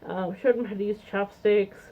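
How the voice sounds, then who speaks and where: A woman's voice: medium pitch, steady tone, moderate pace. Giggly rambling woman, lo-fi phone-like sound. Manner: bubbly, giggly, gushing, rambling with many ums. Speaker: vlogger reviewing a convention. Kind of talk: casual chat to camera. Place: home, seated in a chair.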